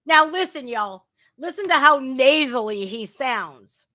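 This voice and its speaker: A woman hosting a casual news commentary podcast, blunt, crude and sarcastic, swinging between loud outbursts and muttering. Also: high-pitched, expressive, measured pace. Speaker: podcast host.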